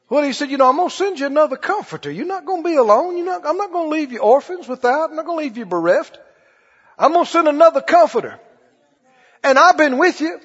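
A man preaching a sermon in an animated way, drawing call-and-response from his congregation. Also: very high voice. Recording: dull audio with long hall reverb.

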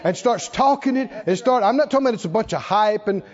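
A man preaching a sermon, animated, acting out quotes and shouting at the peaks. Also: high-pitched, fast talker, highs cut off.

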